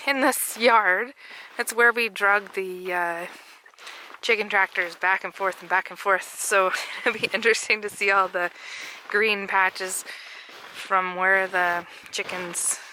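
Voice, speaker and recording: A woman's voice: medium pitch, fairly even intonation, measured pace, sharp tone, slight background noise, rough recording. A woman chatting casually and rambling with light jokes while walking through her backyard garden in winter. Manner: rambling, jokey, laughs often. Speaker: vlogger.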